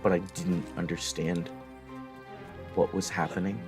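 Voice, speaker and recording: A young man streams a game and rambles through crude stories and mock-serious musings. His voice is very low. Game music plays clearly behind him. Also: little pitch movement, a little slow. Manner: rambling, profane, mock-philosophical storytelling. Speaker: live streamer. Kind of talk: casual chat while gaming.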